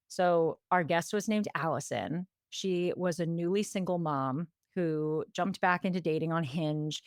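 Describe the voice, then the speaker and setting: A woman's voice: low voice, darkish tone, no echo, clean studio sound. A woman co-hosting a podcast, casually recapping a story in a chatty way, full of "like" and quoted asides. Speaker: podcast co-host.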